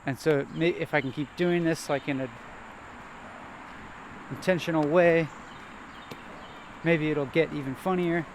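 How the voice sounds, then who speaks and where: A man vlogging as he walks a nature trail, thinking aloud in a halting, hesitant way and repeating words. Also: on the high side, fairly even intonation. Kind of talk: rambling self-reflective monologue while walking. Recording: faint outdoor noise.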